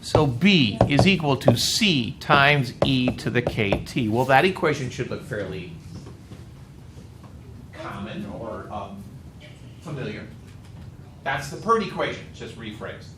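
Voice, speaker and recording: A man's voice: medium pitch, expressive, slow pace, long pauses. Tired math teacher guy cracking jokes at the board, roomy echo, faint hiss. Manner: joking, tired, talks to students by name. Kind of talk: classroom lecture. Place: classroom. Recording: echoey classroom with faint noise.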